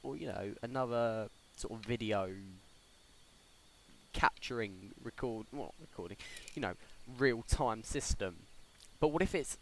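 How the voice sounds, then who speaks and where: A man's voice: mid-range voice, a little slow, creaky. A young man, talking casually on a solo podcast, rambling with lots of fillers and restarts. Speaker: podcast host. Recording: faint background noise.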